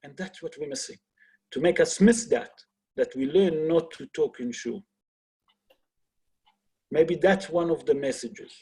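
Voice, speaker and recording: Husky, high-voiced rabbi teaching. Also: male voice, unhurried, pauses often, darkish tone. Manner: earnest, asks rhetorical questions, non-native English grammar. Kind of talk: teaching an online class.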